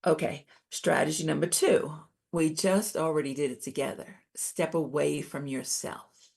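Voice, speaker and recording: A middle-aged woman giving a calm, explanatory talk on coping with stress, as presenter. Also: low-pitched, a little slow, vocal fry, slightly rough. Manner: calm, validating, explains step by step.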